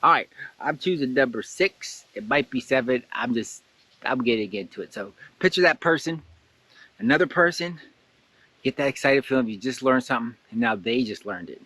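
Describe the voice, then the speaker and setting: A man hosting a casual guided blessing exercise, animated and laughing often, jumping into excited high voices when he quotes someone. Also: normal speed, no echo. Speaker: host guiding a blessing exercise. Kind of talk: casual guided meditation talk.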